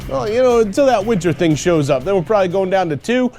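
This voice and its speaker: A man ranting sarcastically in a casual motorcycle vlog, animated and laughing as he mocks other riders. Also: sits high, fast, music in the background. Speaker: motorcycle vlogger.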